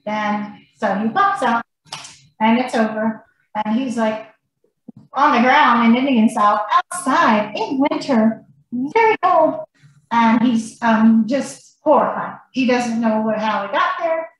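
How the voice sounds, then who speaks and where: A woman guest on a podcast telling a rambling story in a casual, animated way. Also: fairly high pitch, measured pace. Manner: animated, rambling, laughs between lines. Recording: very echoey room, faint noise.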